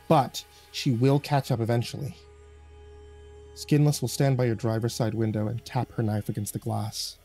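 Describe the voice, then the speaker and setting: Mellow, husky man narrating horror. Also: medium pitch.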